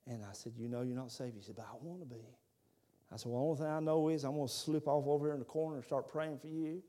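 A man's voice: mid-range voice, steady tone, quick pace, warm tone. A man, preaching a sermon as a fervent storyteller. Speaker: pastor.

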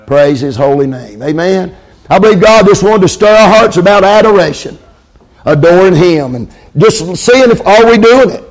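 Male preacher, high voice, sermon cadence, call-and-response amens. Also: expressive, normal speed. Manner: calls out amens, repeats lines for emphasis.

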